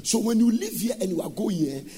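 A man preaching a sermon, moving between speech and sung shouting. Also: high voice, very animated, a little fast, crowd noise.

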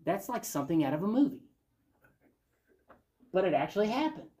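A man's voice: high voice, very animated, fairly quick, warm tone. A man leading a Bible study, reading passages aloud and commenting on them in a conversational way.

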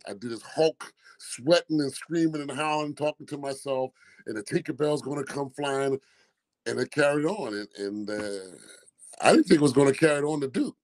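A man's voice: medium pitch, poor audio. This is a man in his sixties from Philadelphia, an ex-ballplayer holding court as a podcast guest. His voice sits right in the middle register. He tells his stories with gusto, slipping into the voices of the people he quotes. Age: 60s. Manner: animated storyteller who acts out quoted dialogue. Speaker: guest, former college basketball player. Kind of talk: casual storytelling interview.

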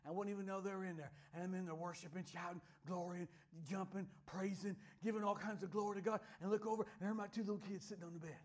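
A middle-aged male pastor preaching a sermon, chatting through stories and building to loud, exuberant praise. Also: high voice.

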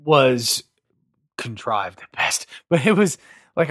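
A podcast co-host chatting casually about a movie, rambling and quick to joke. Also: medium pitch, animated, a bit bright, no echo, studio quality. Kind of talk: casual movie review chat.

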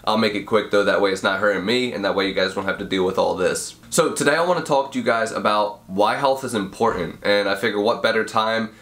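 Young male podcast host, sick and nasal, slightly low voice, laid-back mumbly delivery. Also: fast talker, few pauses, a bit bright. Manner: mumbly, can't fully open mouth. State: sick with a cold, sniffling, nasal. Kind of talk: casual advice podcast.

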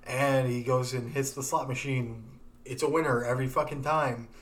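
A man's voice: mid-range voice, fairly even intonation, normal speed, far from the mic. A man hosting a podcast, retelling a TV episode in a loose, profane way with many fillers. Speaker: podcast host. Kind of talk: casual chat.

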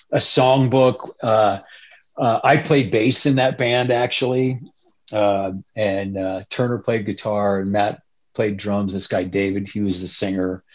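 A man telling stories in a loose, rambling way, as a guest in an interview. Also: medium pitch. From Northern California. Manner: rambling, loose, animated quoting of others. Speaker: interview guest, punk musician. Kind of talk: casual storytelling.

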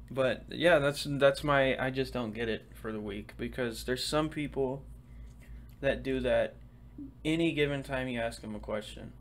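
A young man hosting a casual solo podcast, talking fast and swearing casually as he chats. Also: mid-range voice, slight background noise. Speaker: podcast host.

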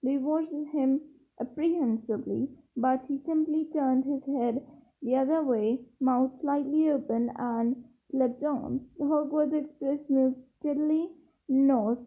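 A woman reading a novel aloud, slowly, with small slips and restarts. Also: high-pitched. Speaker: reader. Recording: tinny phone-like sound.

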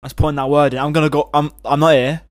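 A man's voice: a little high, little pitch movement, fast talker, dry recording. A man, co-host and editor, rambling in casual improv banter. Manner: rambling, breaks character to comment.

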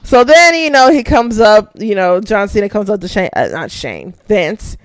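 A young woman hosting a casual recap show, excitable, laughing often and swearing freely. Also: medium pitch, moderate pace, no echo. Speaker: podcast host.

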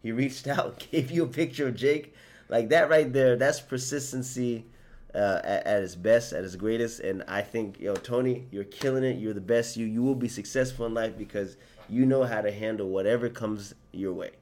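A man co-hosting a casual podcast, telling the story in an upbeat, animated way. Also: mid-range voice, moderate pace. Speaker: podcast co-host.

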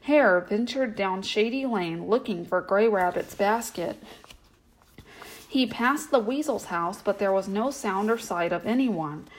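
A woman's voice: medium pitch, a little slow, poor audio. Woman reading a bedtime story.

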